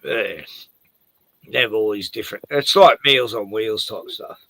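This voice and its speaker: A man's voice: fairly low pitch, unhurried, pushed and bright, no echo. A man chatting casually on a home stream, crude and joking, swearing freely. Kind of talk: casual chat. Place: home at night, door open to yard.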